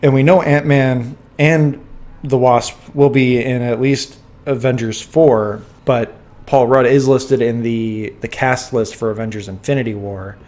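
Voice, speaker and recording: A man's voice: mid-range voice, fairly even intonation, a little slow, darkish tone. A man co-hosting a casual podcast from home on a sensitive mic, talking eagerly with many restarts and fighting a dry cough. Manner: enthusiastic, rambling with restarts and fillers. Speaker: podcast co-host. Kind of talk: casual chat. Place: home room. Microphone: sensitive studio mic.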